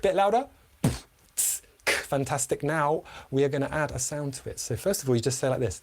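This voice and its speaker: A man in his thirties hosting an upbeat online beatbox lesson for kids, energetic and enthusiastic, often singing his lines. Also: mid-range voice, a little fast. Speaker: beatbox teacher and host.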